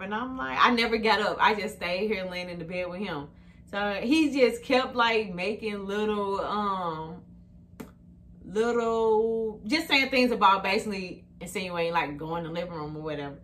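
A woman's voice: mid-range voice, moderate pace, a bit bright, a little hiss or hum. A woman vlogging at home in a casual, chatty way, talking straight to her viewers on a phone camera.

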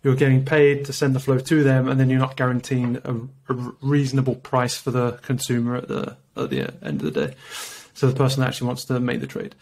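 A man with a British accent and a mid-pitched voice. He explains things in a measured, casual way, with plenty of fillers. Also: vocal fry, darkish tone. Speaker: podcast guest explaining trading.

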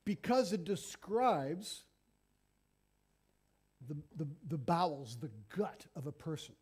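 This middle-aged man preaches with lively, conversational storytelling, speaking slowly. His husky voice is high for a man but dark and mellow in tone.

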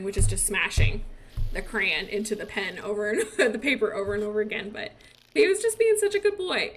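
Bright, chatty young woman gaming streamer. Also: a little high. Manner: chatty, laughs often, rambling asides. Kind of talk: casual chat while playing.

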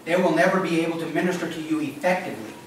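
A man's voice: fairly high pitch, rapid-fire. A man, the pastor, giving a conversational sermon with joking asides to his congregation in a church. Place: church sanctuary. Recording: echoey room, voice from far off, noisy.

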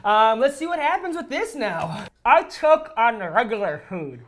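A woman's voice: a little high, sing-song, moderate pace, fairly bright tone. A young woman hosting a food challenge, casual and joking, laughing often as she talks around a mouthguard. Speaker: challenge video host. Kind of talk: casual chat. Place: studio. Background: music.

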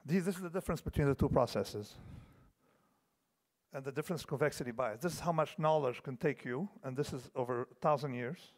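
A man's voice: mid-range voice, a little fast, a little mellow. A man in his fifties giving a conference lecture, digressive, full of restarts and asides that check in with the audience. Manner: digressive, restarts often, asks the audience "okay?". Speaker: keynote speaker. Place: large conference hall. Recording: long hall reverb.

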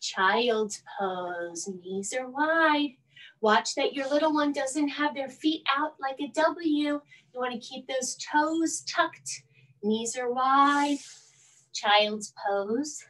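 Woman kids' yoga teacher, high and unhurried, gentle coaxing delivery, recorded from a distance. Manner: soothing, slow and coaxing, with playful animal sounds. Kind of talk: gentle bedtime yoga instruction.

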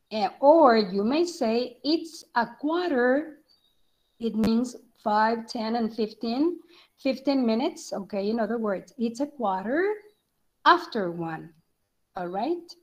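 Slow-paced woman English teacher. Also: fairly high pitch, a little mellow, poor audio. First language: Spanish. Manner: slow, explanatory, checks in with "okay?". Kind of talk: online class instruction.

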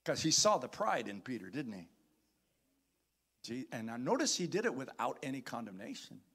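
A man's voice: medium pitch, very animated, moderate pace, fairly bright tone, husky. A man preaching a sermon as pastor, reading scripture aloud with dramatic emphasis and calling out to the congregation. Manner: calls out to the congregation.

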